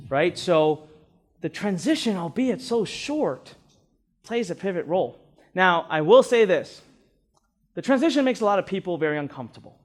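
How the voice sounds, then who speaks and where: A man's voice: high voice, expressive, fairly quick. A man teaching a live seminar to an audience as a marketing instructor, emphatic and repeating words, often asking "right?".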